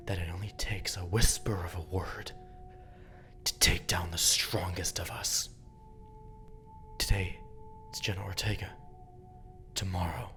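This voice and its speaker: A narrator whispers a mock-serious documentary closing in a very low, drawn-out voice. The delivery is grave and ominous, with soft music underneath.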